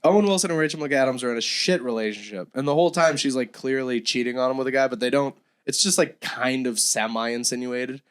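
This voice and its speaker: A young man co-hosting a casual podcast, excitable, swearing freely and laughing often. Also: mid-range voice, fairly quick, hardly any pauses, clear, resonant tone. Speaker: podcast co-host. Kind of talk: casual chat.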